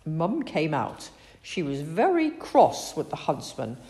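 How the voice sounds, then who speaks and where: A woman reading a children's story aloud in an expressive, animated way. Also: deep voice, takes it slowly.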